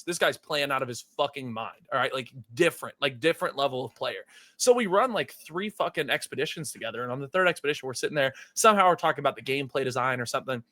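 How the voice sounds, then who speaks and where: Bright, animated young man telling stories. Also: mid-range voice, fast, dry recording. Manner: animated storytelling, swears a lot, laughs often. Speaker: podcast co-host. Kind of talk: casual podcast chat.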